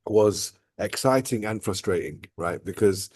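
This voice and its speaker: A man chats at length as the host. His voice sits low and warm, and it sounds dry and close to the mic. He keeps circling back with "look" and "right?" as he shares his stories. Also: lively intonation, a little slow, slightly rough, dry recording. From outside Dubai. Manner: rambling, repeats "right?" and "look". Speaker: vlog host. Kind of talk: casual reflective chat.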